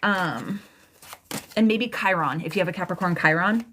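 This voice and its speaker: A woman's voice: fairly low pitch, normal speed, background noise. A young adult woman giving a live tarot reading, chatty and emotional, rambling with lots of fillers and restarts. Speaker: tarot reader.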